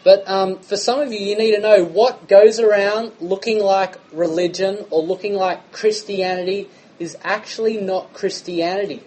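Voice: mid-range voice, dark tone, low-quality recording. Preacher asking rhetorical questions. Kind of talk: sermon.

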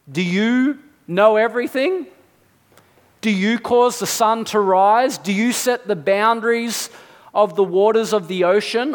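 A man's voice: sits high, in a large hall. A man preaching a sermon, reasoning aloud with rhetorical questions and acted asides.

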